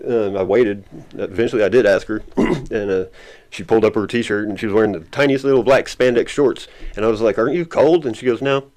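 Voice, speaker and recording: A man's voice: on the low side, fairly even intonation, brisk, darkish tone. A man telling a story as an interview guest, rambling and laughing often. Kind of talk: casual storytelling.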